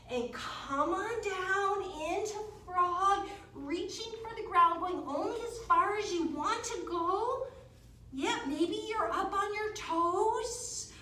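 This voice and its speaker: High-voiced woman leading kids' yoga. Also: animated, a little slow, pushed and bright. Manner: encouraging, sing-song, talks to small children. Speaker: kids yoga teacher. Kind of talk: guiding a children's yoga class. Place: yoga studio. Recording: very echoey room from far off.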